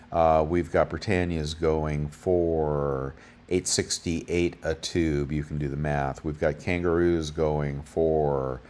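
A man with an extremely low, deep voice talks through silver prices in a loose, rambling way. He leans on ums and uhs and drifts off topic before reading figures off the screen. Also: darkish tone. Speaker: bullion deals host. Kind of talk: casual market commentary.

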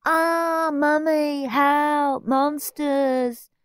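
A woman's voice: high-pitched, fairly even intonation, drawn-out words, no echo, clean studio sound, pitched above the performer's own voice. A sly, sweet-talking naughty boy, as a woman voices him. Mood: mocking. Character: mischievous scheming young boy.

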